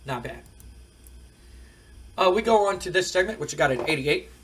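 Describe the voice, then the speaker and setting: A man casually recaps his wrestling sim show, rambling with plenty of fillers. His voice sits a bit high. He sounds slightly away from the microphone. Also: lively intonation, normal speed, a bit bright, distant mic. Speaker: gaming video host.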